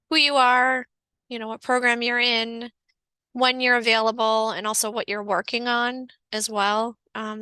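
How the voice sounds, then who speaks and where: A woman's voice: medium pitch, pushed and bright, no room sound. A woman librarian giving a casual online orientation over a video call, chatty with many fillers. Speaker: college librarian.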